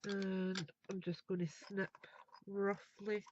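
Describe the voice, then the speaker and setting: A woman's voice: mid-range voice, level tone, slow pace, darkish tone, lo-fi sound, a little hiss or hum. A woman, chatting and thinking aloud as she demonstrates a craft project live. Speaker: craft tutor.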